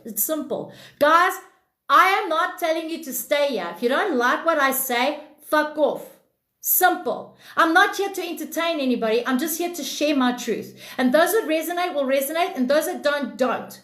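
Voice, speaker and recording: A woman's voice: high voice, animated, normal speed, fairly bright tone, echoey room. A woman hosting a self-help livestream, reading out viewers' comments and preaching bluntly, with plenty of swearing.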